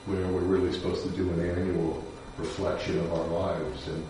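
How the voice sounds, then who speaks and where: A man, a defense lawyer, telling a personal story in a measured, somber way with pauses and fillers. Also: low-pitched, level tone, far from the mic, noisy background. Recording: echoey room picked up from afar.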